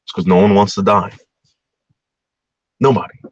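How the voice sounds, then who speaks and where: A man's voice: lowish voice, fairly even intonation, normal speed, lo-fi sound. A man talking casually in a rambling monologue, repeating words and growing heated.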